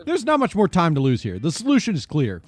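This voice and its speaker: Guy streaming with friends, reads the game stuff out loud, kinda high and bouncy, faint music behind. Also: fast, no room sound. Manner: lively, joking. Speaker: streamer reading game text aloud. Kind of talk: casual stream chat and reading game text aloud.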